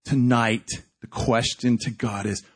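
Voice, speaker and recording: A man's voice: mid-range voice, level tone, unhurried, breathy edge. A man preaching a sermon, telling a story and acting out the quotes, building to intense fervor.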